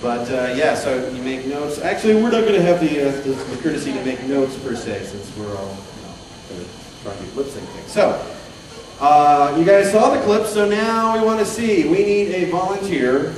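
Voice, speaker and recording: A man's voice: on the high side, expressive, moderate pace. A man leading a dubbing panel at a convention, chatty and joking as he directs volunteers from the audience. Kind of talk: casual convention panel talk. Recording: echoey room from far off, crowd noise. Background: audience murmur and laughter.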